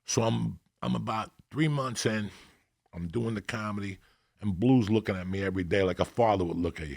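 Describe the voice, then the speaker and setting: A middle-aged man with a gravelly, husky voice that has a lot of fry. He tells profane stories with animation and acts out the people he quotes. He is from Cuba. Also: lowish voice, a little fast, darkish tone. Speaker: podcast guest. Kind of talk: storytelling in casual chat.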